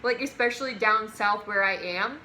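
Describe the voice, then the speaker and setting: A young woman vlogger telling a work story in a casual, animated way, often breaking into giggles. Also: medium pitch, normal speed, slight background noise.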